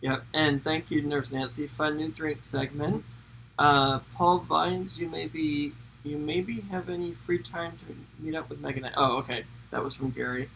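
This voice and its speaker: Creaky, bright-voiced man chatting. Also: on the high side, steady tone, measured pace, slight background noise, rough recording. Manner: reads viewer names aloud, laughs and stumbles. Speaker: co-host of a travel livestream. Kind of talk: casual live-stream chat.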